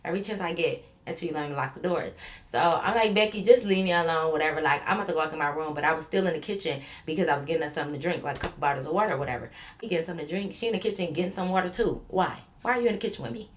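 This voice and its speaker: Woman vlogger, lower voice, animated and profane storyteller. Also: very fast. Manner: animated, profane, speaking straight to viewers. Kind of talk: storytime vlog.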